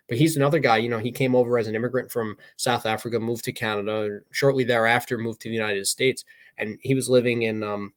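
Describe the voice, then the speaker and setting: A young adult man co-hosting a podcast, giving loose motivational talk full of fillers. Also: medium pitch. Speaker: podcast co-host.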